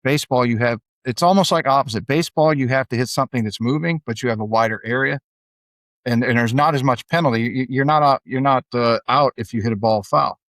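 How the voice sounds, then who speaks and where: A man's voice: medium pitch, fast talker, fairly bright tone, dry recording. A man hosting a podcast who talks casually, often stumbling and repeating words as he thinks aloud. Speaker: podcast host.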